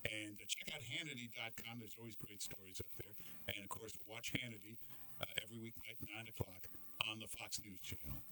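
A man hosting a talk radio show, brash and joking, spinning quick anecdotes and taking calls. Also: on the low side, rough recording.

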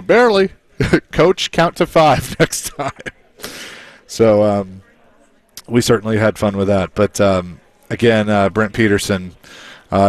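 A man hosting a sports talk radio show, speaking in a halting way with many pauses and fillers. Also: lowish voice, no room sound.

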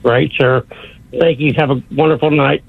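A man with a gravelly voice calls into a sports show and asks casual, direct questions. His slightly high voice comes through a tinny, dry phone line. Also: fairly even intonation, normal speed. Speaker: caller.

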